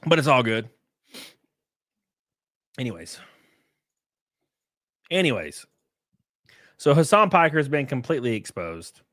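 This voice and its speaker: A man's voice: medium pitch, normal speed, no room sound, clean studio sound. A man chatting casually on a live stream, rambling and joking as he reads chat and reacts to clips. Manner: rambling, joking, lively asides.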